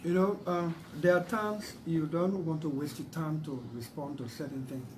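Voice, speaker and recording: A man's voice: fairly high pitch, fairly even intonation, moderate pace, background noise. A man as a senator answering interview questions in an assertive, combative way.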